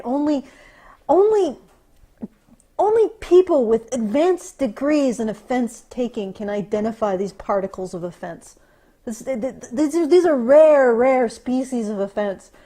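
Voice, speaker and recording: Woman podcast cohost ranting, sarcastic, swears a lot, kinda high voice, stumbles and restarts. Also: dark tone. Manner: sarcastic, profane, halting restarts. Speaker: podcast co-host. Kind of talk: casual ranting commentary.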